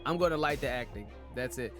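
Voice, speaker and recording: A man co-hosting a casual online radio talk show, animated and quick to laugh as he argues his point. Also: mid-range voice, soft background music. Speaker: podcast co-host. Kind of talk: casual chat.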